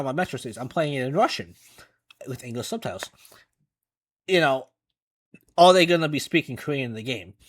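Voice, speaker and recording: A man's voice: mid-range voice, no echo. Rambling man reacting to a game trailer. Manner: rambling, many restarts and "you know". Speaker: gaming reaction host. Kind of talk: casual reaction commentary.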